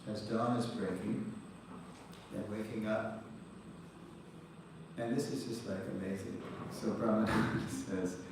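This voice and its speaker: An older man giving a lively storytelling lecture, recorded from a distance in a large hall. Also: on the low side, takes it slowly, long pauses. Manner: animated storyteller, acts out quotes. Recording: echoey hall, distant mic, noisy.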